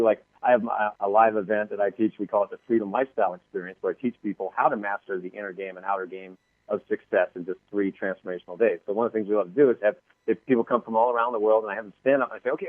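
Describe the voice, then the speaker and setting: A man's voice: lowish voice, no echo. A male author as an interview guest, telling stories animatedly and acting out the voices of people he quotes. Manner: lively, acts out quoted voices, laughs often. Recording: dry phone-line sound.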